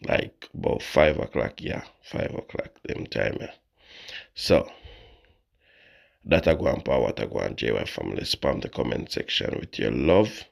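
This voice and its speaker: A man's voice: a bass voice, gravelly. A Jamaican man hosting his channel, talking casually and sleepily in patois-laced speech. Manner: laid-back patois-laced talk. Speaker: channel host. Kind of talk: casual news commentary.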